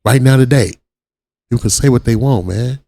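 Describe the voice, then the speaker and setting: A man's voice: mid-range voice, moderate pace, mellow, slight background noise. A man from Watts giving blunt, profane reaction commentary on a video as the channel host. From Watts, Los Angeles. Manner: blunt, profane street talk.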